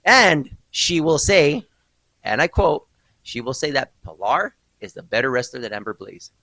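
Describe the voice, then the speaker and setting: A man hosting a casual podcast, his voice bright and a touch high. He swings widely in pitch as he spins a story with theatrical mock outrage, and the sound is close and dry. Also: big pitch swings, normal speed, no room sound, low-quality recording. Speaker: podcast host.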